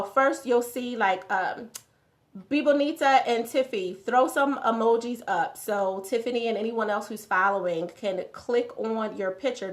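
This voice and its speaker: A woman runs a morning motivational live stream, speaking conversationally at medium pitch. She repeats phrases for emphasis and responds to viewers' comments as they arrive.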